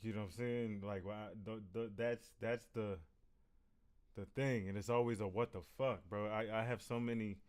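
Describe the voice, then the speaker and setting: A man talks to his viewers in a low, easygoing voice. He rambles and repeats himself as he gives frank, profane encouragement, like a casual reaction-video host. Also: fairly even intonation, normal speed, darkish tone, smooth. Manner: rambling, repeats "you know what I'm saying"; candid and profane. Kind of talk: casual motivational talk.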